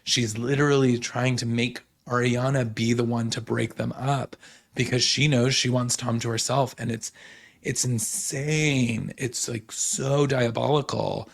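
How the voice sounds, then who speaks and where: Young man, gravelly voice, mid pitch, chatty gossipy recap host, quick paraphrasing, lots of fillers. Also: flat delivery. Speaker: podcast host recapping reality TV. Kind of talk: casual recap chat.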